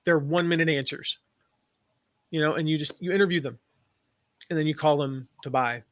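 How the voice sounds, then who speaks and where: Brisk and a bit bright, a high-leaning male voice covers affiliate marketing in a relaxed live-stream talk. Raised in the Midwest and South, the American speaks with a General American accent, rambling chattily through fillers and restarts.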